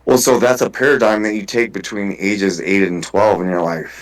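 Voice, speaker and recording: A man with a somewhat low voice talks in a loose, unscripted podcast chat. He tells a long personal story, swears freely and keeps restarting his sentences. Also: steady tone, normal speed, poor audio. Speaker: guest. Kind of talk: casual podcast conversation.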